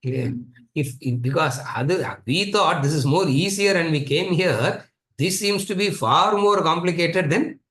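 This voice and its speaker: Tamil-accented male teacher, fairly high voice, repetitive rhetorical style, echoey room. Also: unhurried, a bit bright. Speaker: Vedanta teacher. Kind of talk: scripture lecture.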